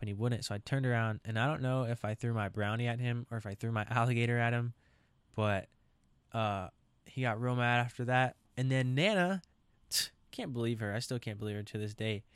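A man's voice: mid-range voice, a little fast, smooth, no echo. A young man, talking alone on his own podcast in a casual, rambling, joking way. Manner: rambling, joking, says dude a lot. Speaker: podcast host. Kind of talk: solo casual podcast chat. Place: camper.

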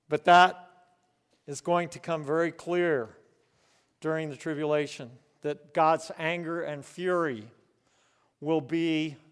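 A man from the United States preaching a sermon to his congregation in earnest, often chuckling and slowing down to stress key words. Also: fairly high pitch, fairly bright tone, smooth, in a large hall. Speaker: pastor. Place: church room with congregation.

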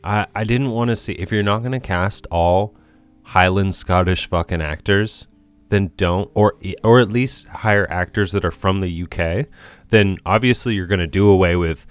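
A man's voice: sits low, moderate pace, clean tone, faint music behind. A man co-hosting a podcast in casual movie-review chat, rambling and hesitant, swearing casually. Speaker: podcast co-host.

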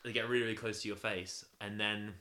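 A young man chatting casually on a podcast, laughing often and getting loud and animated when telling a story. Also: on the low side, fast talker, noisy background. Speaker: podcast co-host. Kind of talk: casual chat.

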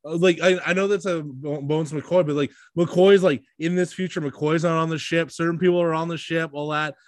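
Excitable man in a fast casual chat. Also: on the high side, no room sound, clean studio sound. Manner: excitable, many fillers and swearing. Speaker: podcast co-host.

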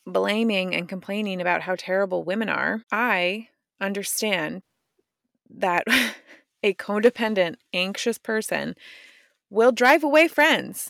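A woman's voice: medium pitch, gravelly, fairly bright tone, no echo, studio quality. A woman hosting a podcast, talking bluntly and casually to her listeners in a motivational tone, swearing now and then. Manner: motivational, direct address to listeners. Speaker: podcast host. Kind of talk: casual self-help monologue.

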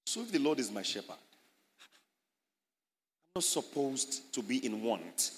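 A man's voice: mid-range voice, big pitch swings, measured pace, a little hiss or hum. A man with a Nigerian English accent preaching a sermon, emphatic and teaching, acting out little scenes. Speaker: pastor. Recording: echoey hall.

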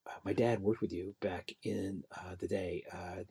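A man's voice: moderate pace, gravelly, slightly rough. A middle-aged man, an actor and puppeteer, telling a story as a guest in a casual interview and acting out the people in it. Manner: animated storyteller, acts out voices with big pitch jumps.

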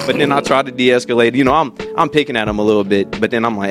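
A man's voice: medium pitch, quick pace, few pauses, music in the background. A young man co-hosting a podcast, telling a work story in loose casual chat, swearing freely and laughing often. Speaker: podcast co-host.

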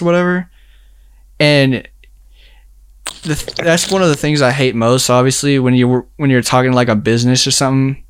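A young man in a casual chat, telling a story in a rambling way, full of filler words and quick laughs. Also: mid-range voice, steady tone, smooth, no room sound.

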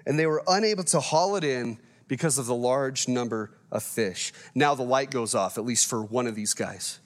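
A man's voice: mid-range voice, normal speed. A man in his thirties preaching a sermon in a conversational, playful way, telling the story with animation. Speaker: pastor.

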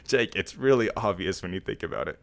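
A man's voice: lowish voice, expressive, normal speed, creaky. A young man hosting a casual quiz game with friends, teasing them, laughing often and swearing casually. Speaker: podcast host running a quiz game. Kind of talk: casual chat.

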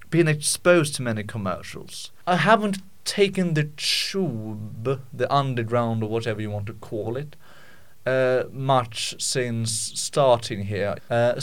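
Brief: male podcast host, mid-pitched, casual comic rant, stumbles and restarts a lot. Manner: rambling, with many restarts and stammered repeats; jokey, mock-indignant.

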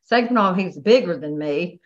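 A woman with a fairly low voice recounts her personal testimony, stopping and restarting often. The recording sounds dull and lo-fi. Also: animated. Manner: halting, many restarts and "you know". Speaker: guest sharing her testimony.

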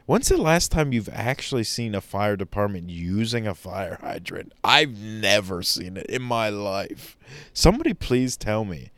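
A man's voice: lowish voice, expressive, measured pace, fairly bright tone, no echo. A man doing a rambling comic monologue, ranting in an exaggerated way and tossing questions at his listeners.

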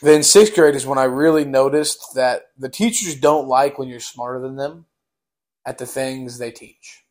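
A man's voice: medium pitch, measured pace, darkish tone. A young man telling a casual storytime on a podcast, rambling with lots of fillers.

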